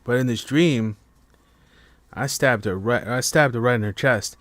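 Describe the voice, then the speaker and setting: A man's voice: mid-range voice, measured pace, a bit bright, no room sound. A man hosting a casual live stream podcast from home, rambling with stammering restarts and heavy swearing. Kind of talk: casual late-night monologue. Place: at home while others sleep.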